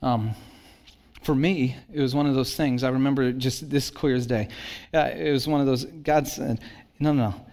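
A middle-aged man preaching a sermon, telling a personal story with animated swings between excitement and hushed intensity. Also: mid-range voice, normal speed. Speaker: pastor.

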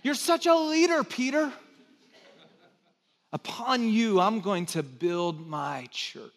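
Brief: kindly Jesus, unhurried and lifting , as a male preacher puts him on, reverberant hall. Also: sits high, a bit bright. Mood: praising. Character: Jesus, a kindly, praising grown man teacher. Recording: long church hall reverb.

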